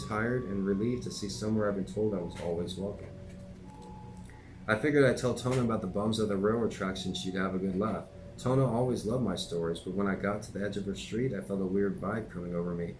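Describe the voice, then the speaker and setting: Low-voiced man reading his memoir. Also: a little mellow, slight background noise, poor audio. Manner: plain conversational delivery with occasional slips and asides. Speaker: author reading his own book.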